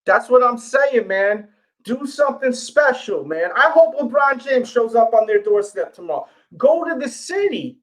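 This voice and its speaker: High-voiced man with a New York accent. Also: animated, moderate pace. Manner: talks straight to viewers, repeats himself, pleading. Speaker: sneaker channel host. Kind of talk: casual livestream rant.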